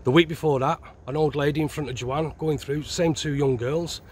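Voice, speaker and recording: A man's voice: fairly high pitch, fairly even intonation, normal speed, a little mellow. Laid-back guy talking about his time inside, plain way of talking, outside at night, faint hiss behind. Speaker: guest, former prisoner. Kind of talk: casual chat.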